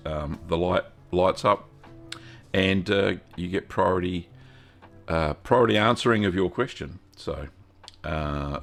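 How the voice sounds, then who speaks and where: A man's voice: deep voice, vocal fry, fairly bright tone. An Australian man hosting a live Q&A stream, chatting casually in a folksy way, greeting viewers by name and filling gaps with ums and uhs. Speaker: host of a cheese-making livestream.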